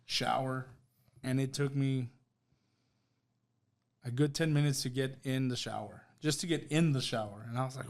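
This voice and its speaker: A man's voice: medium pitch, fairly even intonation, moderate pace, gravelly, pauses often. Man telling a story, casual and conversational. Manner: conversational, retells with quoted dialogue, fillers like "right?" and "bro". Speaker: podcast guest.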